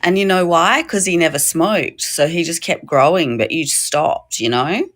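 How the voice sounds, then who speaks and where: A woman's voice: deep voice, moderate pace, a bit bright. A woman, a comedian guest who laughs often and teases. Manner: giggly, teasing.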